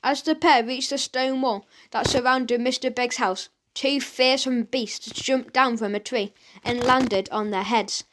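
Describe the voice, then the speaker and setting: Woman, children's audiobook narrator, expressive storytelling, fairly high voice. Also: unhurried, slight background noise.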